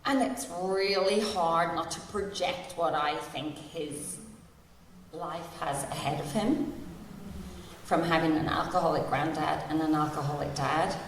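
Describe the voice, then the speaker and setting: A woman in her forties shares candidly and wryly at a recovery meeting, laughing through painful memories. Her lowish voice is a bit bright, and the distant, echoey recording from a large convention hall has a little hiss or hum.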